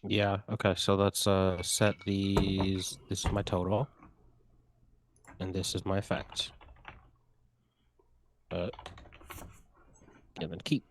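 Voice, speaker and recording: A man's voice: low-pitched, level tone, slow pace, pauses often, noisy background. A man playing a tabletop game, easygoing and casual. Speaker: player.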